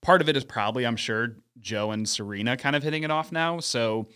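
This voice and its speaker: A man's voice: medium pitch, brisk, sharp tone, clear, resonant tone. Rambling male podcast co-host. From St. Louis. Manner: rambling, lots of restarts and hedging fillers. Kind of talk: casual podcast chat.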